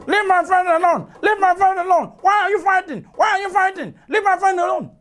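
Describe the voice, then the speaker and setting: A woman voicing a frantic male tortoise in a folk tale, shouting in a shrill, pleading way. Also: brisk.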